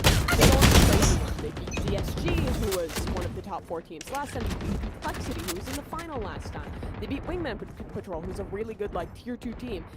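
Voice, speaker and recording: A woman talks in a loose, rambling way on a casual gaming podcast, swearing and correcting herself as she goes. Her pitch sits in an ordinary middle range. Loud gunfire and game sounds run under her voice. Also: very noisy. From American Midwest. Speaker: podcast co-host. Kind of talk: casual chat. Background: video game sounds and gunfire.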